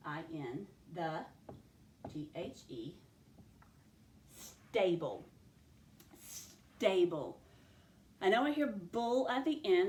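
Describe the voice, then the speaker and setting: Woman teacher going slow, stretching out each word sound, echoey classroom. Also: medium pitch, darkish tone, slight background noise. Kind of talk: classroom phonics lesson.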